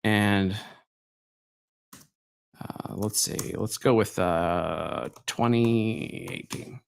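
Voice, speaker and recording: A man's voice: on the low side, very slow, creaky, clear, resonant tone. A man hosting a live stream, reacting to clips in a rambling, incredulous way. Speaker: host.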